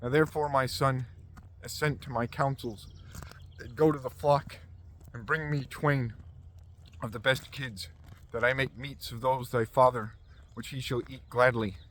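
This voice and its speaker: A man reading the part of a scheming mother in a scripture reading, steady and urging. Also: medium pitch, unhurried, close to an everyday voice. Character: scheming mother, middle-aged woman.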